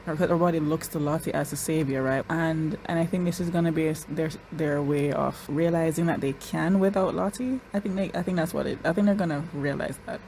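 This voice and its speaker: Excitable woman reacting, lower voice. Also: a little hiss or hum. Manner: excitable, loud exclamations, fast rambling analysis. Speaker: reaction vlogger. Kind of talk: episode reaction commentary.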